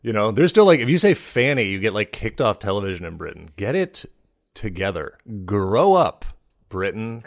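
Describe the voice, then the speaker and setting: A man's voice: lowish voice, sing-song, moderate pace. A man co-hosting a comedy podcast, chatting casually and rambling with frequent laughs. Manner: joking, rambling, laughs often. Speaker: podcast co-host.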